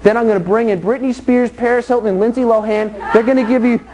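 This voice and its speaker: A man's voice: very high-pitched, steady tone, fast, mellow, a little hiss or hum, low-quality recording. A man preaching a casual, joking sermon to a youth group, acting out little scenes with people from the group. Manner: joking, illustrates with acted scenes from the congregation. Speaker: youth pastor.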